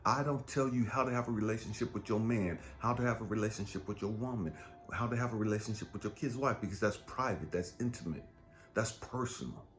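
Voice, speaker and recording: A man's voice: fairly low pitch, a little fast, soft background music. A man hosting his own channel, delivering an angry, heavily profane, emphatic rant in a personal monologue. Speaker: channel host.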